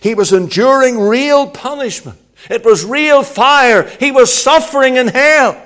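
A man preaching a sermon, emphatic and repetitive, swinging from hushed passages to loud ones. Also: very high voice, unhurried.

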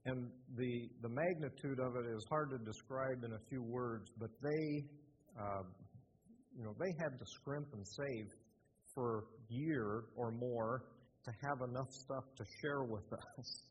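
An older man preaching in a church, halting with many fillers and restarts. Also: medium pitch, husky. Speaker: lay preacher. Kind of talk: sermon. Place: church sanctuary. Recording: muffled, with a long hall echo.

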